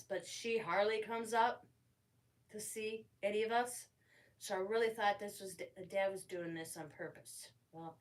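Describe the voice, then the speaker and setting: A woman's voice: medium pitch, recorded from a distance. A middle-aged woman telling stories in a casual live-stream chat, laughing often as she talks. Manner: chatty storyteller who laughs often. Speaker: craft channel host.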